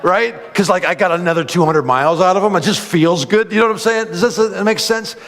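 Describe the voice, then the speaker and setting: Animated male pastor in a reverberant hall. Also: sits high, fast. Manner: animated storytelling, many "like"s, acts out voices. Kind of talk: sermon. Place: church hall.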